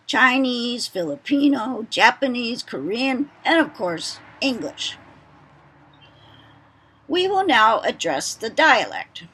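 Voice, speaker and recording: Woman presenter, slightly high, very animated intonation, read-aloud talk. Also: breathy edge. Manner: slow, deliberate reading with lively intonation.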